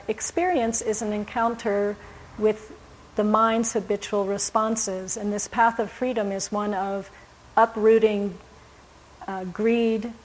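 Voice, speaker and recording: A woman giving a Buddhist dharma talk, speaking in a gentle, reflective way with frequent pauses and fillers. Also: medium pitch, a little hiss or hum, low-quality recording. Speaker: Buddhist teacher.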